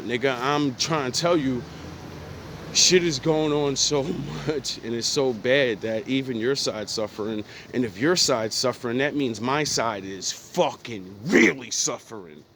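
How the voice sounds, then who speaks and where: A man from New Jersey giving an intense, profane motivational talk in street slang, at times rising to pleading shouts. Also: mid-range voice, a little hiss or hum. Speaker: motivational speaker. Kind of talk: passionate monologue.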